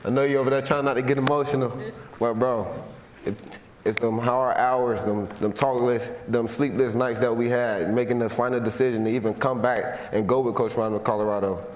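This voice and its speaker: A young man from Florida speaks from a stage into a podium mic, his voice in an ordinary middle register. He is earnest and halting, repeating his thanks as he holds back emotion. The sound is echoey, with a long hall reverb and a faint hiss behind it. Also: medium pitch, fairly even intonation. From Florida, USA. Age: 20s. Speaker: award winner giving an acceptance speech. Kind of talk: unscripted acceptance speech.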